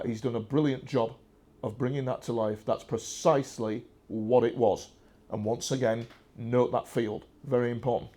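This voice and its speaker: Mellow and medium in pitch, this English man gives a first-person slide talk that wanders and emphasizes points strongly. It's full of filler sounds like "uh" and frequent restarts as he digresses.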